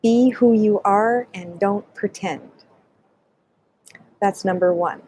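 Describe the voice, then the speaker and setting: A woman with a mellow, soft-toned voice leads a laughter yoga class, taking her time with each phrase. She guides gently and moves between French and English without hurry. Faint room ambience sits behind her. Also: mid-range voice, slight background noise, poor audio. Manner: gentle, unhurried guidance mixing French and English. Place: indoors, alone.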